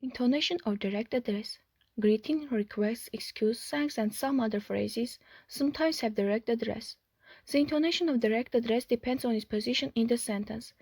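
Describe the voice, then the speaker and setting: A young woman student from Armenia, reading an intonation lesson in a measured way. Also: a little high, a little mellow, slightly rough, dry recording. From Artsakh, Armenia. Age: young adult.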